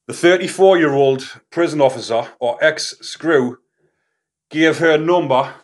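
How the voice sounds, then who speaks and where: A man's voice: on the high side, a little slow. A man hosting his own channel, talking casually and rambling with informal slang, a little out of breath. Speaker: channel host. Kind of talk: casual talk to camera.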